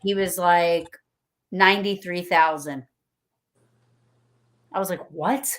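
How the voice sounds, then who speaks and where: A woman chatting casually on a livestream, telling stories excitedly and acting out what people said. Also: on the low side, slow. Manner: excited, rambling storyteller acting out quotes.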